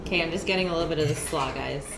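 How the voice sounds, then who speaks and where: Between bites, a cooking live-streamer reads her chat's messages and talks casually with viewers. Her voice is a little on the low side for a woman, and the recording is roomy, with clear noise from her home kitchen.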